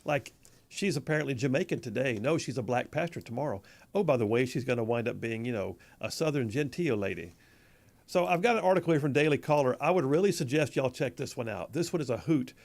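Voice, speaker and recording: A man hosting a conservative talk radio show in a studio, mocking and animated, stretching words for emphasis. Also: mid-range voice, fast talker, gravelly. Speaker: radio host. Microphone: studio mic.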